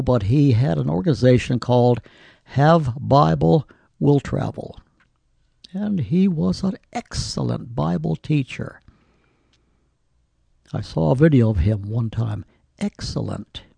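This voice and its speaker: A man preaching a sermon, telling stories and quoting scripture in a slow, deliberate way. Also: medium pitch, warm tone, dry recording. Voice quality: gravelly. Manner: slow, deliberate delivery with scripture quoted in old English.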